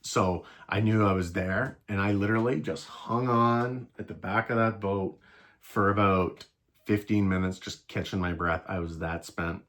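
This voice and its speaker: A man casually telling a travel story, rambling and animated, with many restarts and fillers. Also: on the low side, normal speed. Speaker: travel vlogger.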